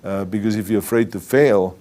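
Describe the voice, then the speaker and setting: A man's voice: on the low side, a little fast, dark tone. Emphatic man with a German accent. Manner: emphatic, driving, repeats key phrases. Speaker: motivational speaker. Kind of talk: motivational speech and interview clips.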